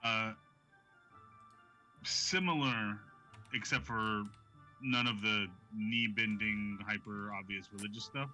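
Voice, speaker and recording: A man playing a tabletop game, speaking in a halting way and weighing each word. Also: lowish voice, fairly even intonation, sharp tone, faint music behind. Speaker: player. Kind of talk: tabletop role-play.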